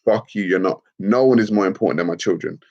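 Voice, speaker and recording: Brief: man, low husky voice, blunt and profane livestream host, dull lo-fi audio. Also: quick pace. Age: adult with children. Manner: blunt, profane, animated, laughs often. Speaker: livestream host reading chat comments. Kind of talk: casual livestream talk.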